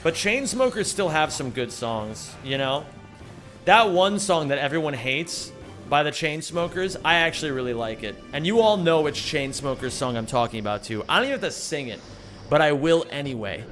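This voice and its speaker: A man's voice: on the high side, lively intonation, moderate pace, a bit bright. A young man streaming, telling rambling, profane jokes in casual chat and answering chat. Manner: rambling, profane, jokey storytelling with put-on voices. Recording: faint music behind.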